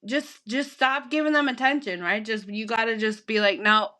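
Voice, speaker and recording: Bright-voiced woman co-hosting a podcast. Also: on the high side, steady tone, normal speed. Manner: frank and candid, drops casual swearing, laughs easily. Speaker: podcast co-host. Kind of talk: casual conversational podcast chat.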